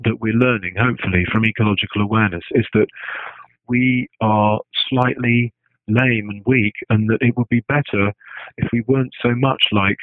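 A man's voice: mid-range voice, no room sound. A man giving a talk, thinking aloud with frequent restarts and tagging his points with "right?". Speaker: speaker. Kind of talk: lecture-style talk. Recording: dry tinny phone-like sound.

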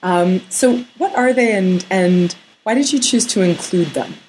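A woman's voice: fairly low pitch, unhurried, a little mellow, slight background noise, poor audio. A woman interviewer asking engaged, curious questions. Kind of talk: conversational interview.

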